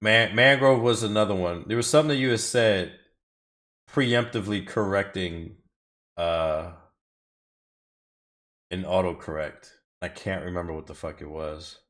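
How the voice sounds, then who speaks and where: This man's low, slightly bright voice is unhurried, with frequent pauses, as he live-streams time trials from his home. He drives while rambling, swearing often and answering his chat casually.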